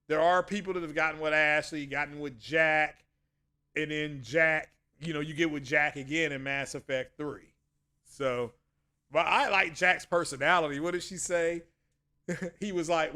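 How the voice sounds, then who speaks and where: A man's voice: on the high side, sharp tone, smooth. A man hosting a casual livestream, chatting with viewers in a rambling way and often correcting himself mid-sentence. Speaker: channel host.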